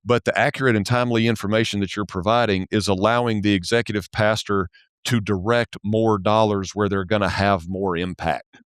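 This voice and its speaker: A Southern man talks as a podcast guest, earnest and relaxed, doubling words as he gathers his thoughts. His voice sits fairly low and sounds smooth and clear. The recording is close and dry. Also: fairly quick, dry recording. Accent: Southern American. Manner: repeats words when starting sentences, relaxed and earnest. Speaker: podcast guest, church accounting specialist. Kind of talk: casual interview conversation.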